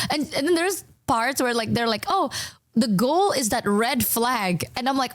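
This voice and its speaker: Young female streamer, casual and swearing, voices the other people in her stories, slightly high voice, dry close sound. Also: unhurried, no room sound. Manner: animated, swears a lot, acts out dialogue in higher voices.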